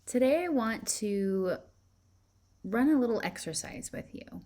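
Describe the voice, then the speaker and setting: A woman teaching spirituality, leading listeners through a guided visualization with calm, reflective questions. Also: fairly high pitch, a little slow.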